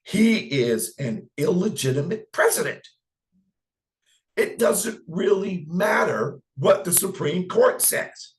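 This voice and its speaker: Slow, impassioned male host. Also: a little high. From United States. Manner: impassioned, emphatic and repetitive; slow, deliberate delivery. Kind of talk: political commentary broadcast.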